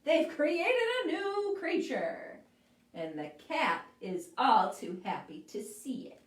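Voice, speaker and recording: A woman librarian reading a story aloud to children in a playful, expressive way. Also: high-pitched, takes it slowly. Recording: echoey room, mic at a distance.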